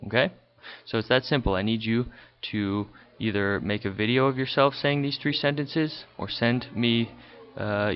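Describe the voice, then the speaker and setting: A man teaching a recorded language lesson over slides, explaining patiently and checking in with a frequent "okay". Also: lowish voice. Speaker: high school Chinese teacher. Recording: dull lo-fi recording.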